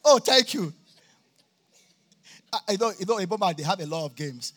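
A man preaching a sermon at a church campmeeting, jovial and laughing often, now and then bursting into shouts. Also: sits high, expressive, normal speed. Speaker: pastor.

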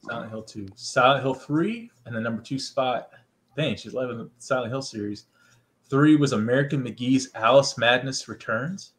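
A man co-hosting a podcast in relaxed, casual chat. His voice sits at an ordinary middle pitch. He keeps it loose and slangy, with plenty of swearing. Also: normal speed. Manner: laid-back, slangy and profane. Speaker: podcast co-host.

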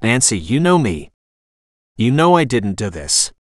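A defiant woman on the run, read by a man in a storybook, commanding and blunt. Her lines lift and drop across a wide pitch span. The sound is dry and close. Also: sing-song, a little slow, no room sound. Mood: urgent, firm.

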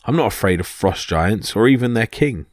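A man's voice: fairly low pitch, expressive, normal speed, dry recording, studio quality, close to an everyday voice. A man voicing a hot-tempered, boastful male thunder god who blusters. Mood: blustering.

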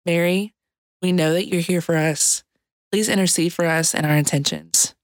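Chatty Cajun woman, lower voice, dry sound. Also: steady tone, normal speed, no room sound. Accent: Louisiana Cajun. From Louisiana. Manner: light-hearted, chatty, laughs often. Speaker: podcast contributor. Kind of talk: devotional reflection.

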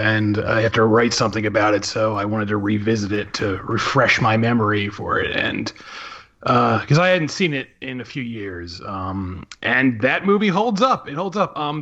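A film writer co-hosting a podcast chats casually in a mid-range voice with a sharp tone. He's hesitant, with lots of ums and frequent restarts. The sound is lo-fi.

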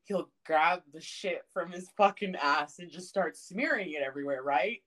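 A young woman co-hosting a podcast, telling family stories in a casual, profane, animated way, often laughing and breaking into loud outbursts. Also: lowish voice, normal speed. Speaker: podcast co-host. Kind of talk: casual chat.

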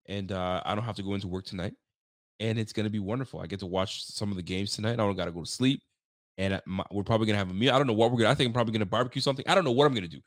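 A man's voice: medium pitch, fairly bright tone, no room sound, clean studio sound. A man from Canada who grew up speaking French and Creole, hosting a post-game show in a hyped, joking, trash-talking way. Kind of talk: casual sports talk stream.

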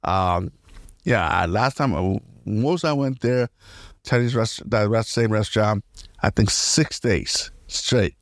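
A man's voice: on the low side, slow pace, no room sound. Male solo podcaster, chatty and meandering, laughs between thoughts, dry recording. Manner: rambling, laughs often, restarts a lot. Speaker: podcast host. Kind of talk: casual solo podcast rambling.

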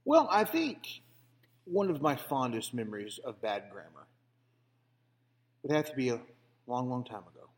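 A man spinning a tall tale with mock grandeur, as if he were a lofty philosopher. His voice sits at an ordinary middle pitch, and it rings out with a long hall reverb around it. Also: very animated, normal speed, long pauses. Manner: mock-grand, playfully pompous storytelling. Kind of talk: comedic banter.

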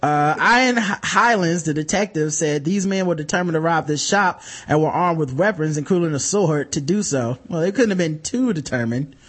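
A man's voice: on the high side, expressive, normal speed, hardly any pauses, fairly bright tone, breathy edge. A man hosting a podcast, reading news stories aloud in casual chat, joking and profane, laughing as he reads. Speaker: podcast host.

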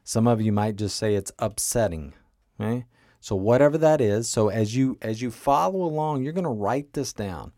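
A man's voice: medium pitch, animated, normal speed, warm tone, no room sound. A man hosting a coaching podcast, explaining casually and often checking in with "right?" and "okay?". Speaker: life coach and podcast host.

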